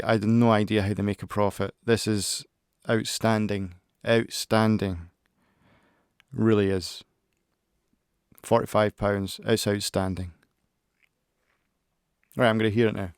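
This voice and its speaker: A man talks his way through a casual product review, hesitant and full of restarts. His voice is fairly low and smooth. He sits close on a studio microphone, and the sound is dry and tight. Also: dry recording. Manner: rambling, hesitant, with many restarts. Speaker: tech reviewer.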